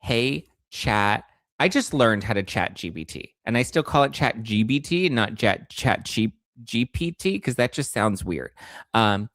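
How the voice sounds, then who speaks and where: A man's voice: measured pace, no room sound. Sarcastic chatty male host, dry sound. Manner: sarcastic, animated, jumps into high squeals. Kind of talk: casual commentary.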